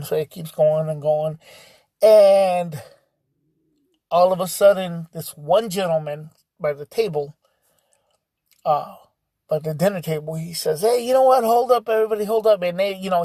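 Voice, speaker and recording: Guy with a warm mellow voice just rambling thru a story, you know this and you know that, dry room. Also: on the high side, no room sound. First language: bilingual English and Spanish speaker. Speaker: podcast storyteller. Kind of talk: casual spoken storytelling.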